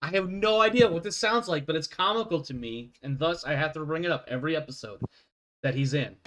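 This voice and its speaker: A man's voice: a little high, fast, fairly bright tone. A man running a tabletop game as game master, rambling and often stopping to apologize. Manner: rambling, self-interrupting, apologetic.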